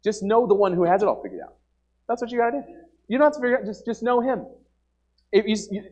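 A young man preaches to a church congregation with a high voice that swings widely up and down. He talks in an earnest, emphatic way, often repeating words and using "like" as a filler. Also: expressive, quick pace, long pauses, a little mellow, highs cut off. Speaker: lay preacher. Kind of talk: informal sermon. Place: church service before a congregation.

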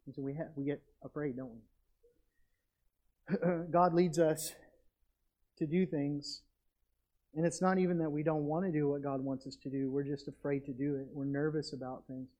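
A male youth pastor, preaching energetically and swinging between loud exclamations and quiet asides. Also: a little high, steady tone, normal speed, long pauses. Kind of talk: youth sermon with object lesson.

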